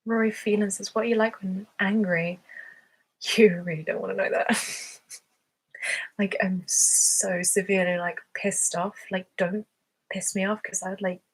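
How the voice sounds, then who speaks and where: A woman's voice: mid-range voice, little pitch movement, measured pace, rough recording. A woman from England with a southern English accent, talking casually on a livestream, chatty and giggly with lots of fillers as she answers viewer questions. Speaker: ASMR creator hosting a livestream.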